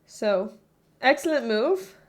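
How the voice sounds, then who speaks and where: A woman's voice: a little high, lively intonation, takes it slowly. A young woman streamer chatting casually with her live chat, rambling, correcting herself and laughing often.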